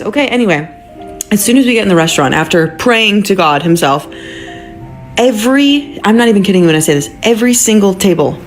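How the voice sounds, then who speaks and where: A woman telling a candid, self-mocking story to camera, swearing often. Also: medium pitch.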